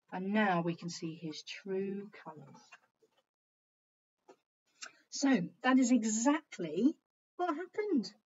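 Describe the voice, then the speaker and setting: A woman's voice: mid-range voice, darkish tone, slightly rough, lo-fi sound. A woman teacher reading a picture book aloud to young children, telling the story expressively and pointing out the pictures as she goes.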